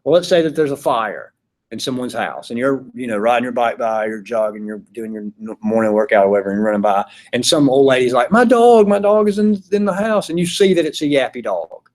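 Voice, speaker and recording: A man's voice: mid-range voice, fast. A man giving a casual classroom lecture, chatty, acting out his examples in little voices. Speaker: philosophy teacher.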